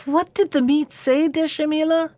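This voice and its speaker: A woman voicing a huge, hungry male ogre who booms and demands in a fairy tale. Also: fairly even intonation, normal speed, dark tone, no echo, lightly acted. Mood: gruff. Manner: booming and demanding.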